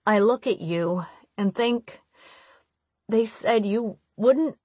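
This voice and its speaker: Woman reading as a weary middle-aged mom, tender and tearful, slightly raised pitch, dry close sound. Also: slow pace, a little mellow, slightly rough, no room sound. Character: tired, worried middle-aged mother. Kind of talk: audiobook character voice.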